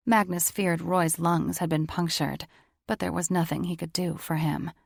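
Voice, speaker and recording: A woman narrating a romance audiobook in an even, measured storytelling voice. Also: lowish voice, creaky, no room sound, studio quality.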